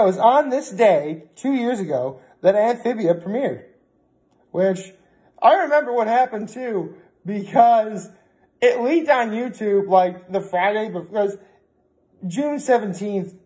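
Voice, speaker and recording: Rambling, chatty young man with a mellow voice. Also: high-pitched. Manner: rambling, chatty, self-interrupting. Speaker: vlogger. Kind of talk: casual vlog chat.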